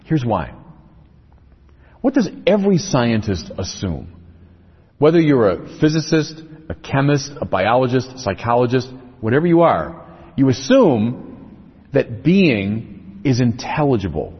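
A man's voice: mid-range voice, big pitch swings, unhurried, breathy edge. A man giving a lecture-style religious talk, explaining his points through lists and rhetorical questions. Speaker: speaker on religion. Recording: echoey, dull lo-fi recording.

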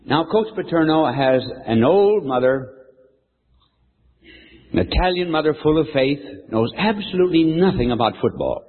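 A man's voice: a little high, big pitch swings, normal speed, breathy edge. An older man preaching a sermon, telling a folksy story and quizzing his audience. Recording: echoey hall, tinny phone-like sound.

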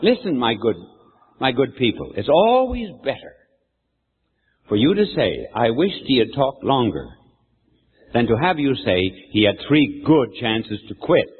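Animated preacher in an echoey hall. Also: male voice, medium pitch, unhurried, slightly rough. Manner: animated, folksy storyteller who quizzes the audience. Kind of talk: storytelling sermon. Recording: echoey hall, tinny phone-like sound.

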